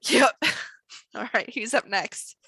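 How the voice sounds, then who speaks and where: Woman game master, bright voice, dry close sound, relaxed narration. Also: medium pitch, a little slow, dry recording, low-quality recording. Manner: relaxed, with many fillers and laughs. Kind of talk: narrating a tabletop role-playing game.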